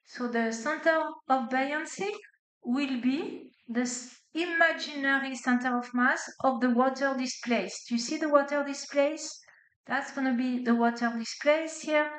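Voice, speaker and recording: Speaking unhurriedly in a high voice, a woman gives a physics class lecture in non-native English. She walks through the material one step at a time, often asking "okay?" or "right?" to check on her students, in an echoey hall.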